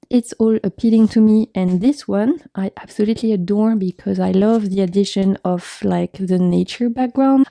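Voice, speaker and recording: Young woman with a gravelly, dark voice, chatty and gushing over her deck collection. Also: mid-range voice, no echo. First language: French. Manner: enthusiastic, gushing, frequent laughs and fillers. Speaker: tarot vlogger. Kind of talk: casual chat showing tarot decks.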